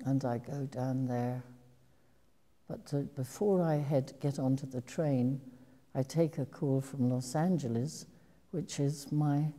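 A woman's voice: very deep voice, warm tone. An older woman, an actress, telling meandering, reflective stories to an audience during a public talk. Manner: meandering, reflective storytelling with restarts. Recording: long hall reverb.

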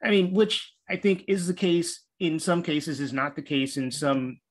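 A man's voice: fairly high pitch, steady tone. A man hosting a podcast, asking long, loosely worded questions. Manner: quick, rambling questions with fillers. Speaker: podcast host. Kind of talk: interview questions.

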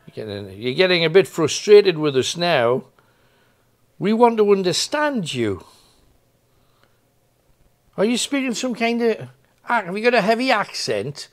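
A paranormal investigator hosting a ghost hunt calls out question after question to spirits in an old building at night, first coaxing and then demanding. His voice sits high with big swings in pitch, and he speaks at a measured pace with frequent pauses.

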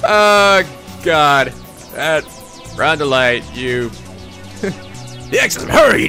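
A man's voice: on the high side, wildly swooping pitch, drawn-out words, long pauses, pushed and bright, soft background music. A man hosting a let's play, reading a visual novel aloud with playful, theatrical delivery, often giggling.

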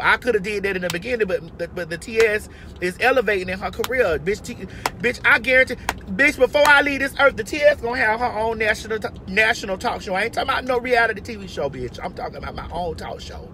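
A woman's voice: mid-range voice, fast talker, pushed and bright, a little hiss or hum. A woman giving brash, profane, emphatic advice in a casual monologue from her car. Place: inside a parked or moving car.

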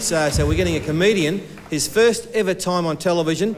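A man's voice: high-pitched, brisk, few pauses, a crowd in the background, background noise. Upbeat Australian TV host man. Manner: upbeat, jokey introducer. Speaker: TV show host. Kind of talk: introducing a comedian on TV.

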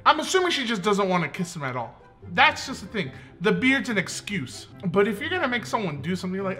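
Young guy riffing on a reality show clip, bright lively voice, cracking jokes, bit of music under it. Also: very high-pitched, normal speed. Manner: joking, animated, often slips into mock voices. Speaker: YouTube commentator. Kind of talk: comedic reaction commentary.

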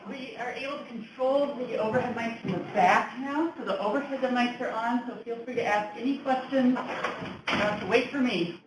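A moderator telling the audience about the microphones, slow and informal. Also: mid-range voice. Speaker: event moderator. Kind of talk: announcement to audience. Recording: very echoey and noisy, from far off.

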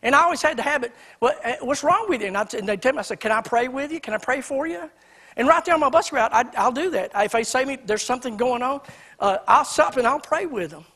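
A man preaching a sermon in a church, swinging between loud emphatic lines and quiet storytelling. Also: very high-pitched, lively intonation, fast. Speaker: pastor. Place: church sanctuary.

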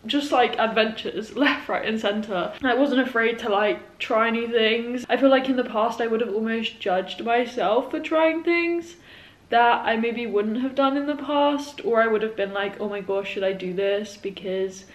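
A young woman in her twenties talks to camera, her voice a little high. She sounds emotional and heartfelt, and she fills her sentences with "like." The room around her is noticeably echoey. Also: measured pace. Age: 20s. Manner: emotional, heartfelt, leans on "like" a lot. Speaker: vlogger. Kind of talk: reflective birthday vlog. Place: indoors at home.

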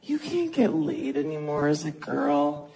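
A woman in her thirties doing a self-mocking stand-up comedy set on a club stage, talking casually and jumping into high squeaky voices for the people she quotes. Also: sing-song, unhurried, creaky, warm tone, low-quality recording. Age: 30s. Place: comedy club stage before a laughing audience. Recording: live club recording with crowd noise.

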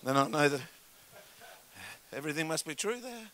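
A man preaching a sermon as a guest pastor in a church, animated and joking with the congregation. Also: a little high, normal speed, a little hiss or hum. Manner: animated, jokes with the congregation, acts out story voices. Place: church auditorium. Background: soft keyboard music.

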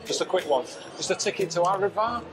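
A man giving deadpan, complaining travel commentary, sounding weary and self-deprecating. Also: high voice, fast talker, heavy background noise. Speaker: travel show subject.

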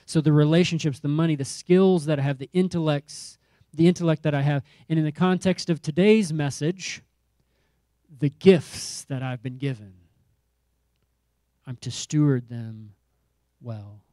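Male pastor, sermon delivery, emphatic and repetitive, warm tone, dry close mic. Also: fairly high pitch, unhurried, no room sound. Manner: emphatic preaching with repeated phrases and rising calls.

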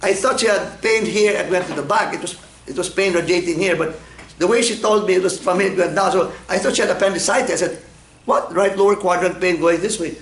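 A man's voice: sits high, quick pace, fairly bright tone. Joking male lecturer in an echoey classroom. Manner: humorous, asks the class questions and answers them. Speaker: medical lecturer. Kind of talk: classroom lecture with personal anecdotes.

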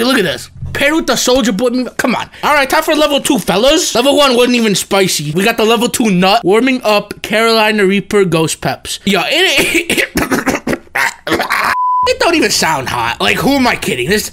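A young man doing jokey, hyped-up comedic reaction commentary in a slangy style, often breaking into laughter and shouting. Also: high voice, big pitch swings, moderate pace. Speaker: YouTuber.

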